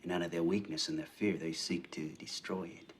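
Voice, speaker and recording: An actor playing a middle-aged male reverend who speaks in an earnest, measured way. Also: deep voice, steady tone, a little hiss or hum, natural voice.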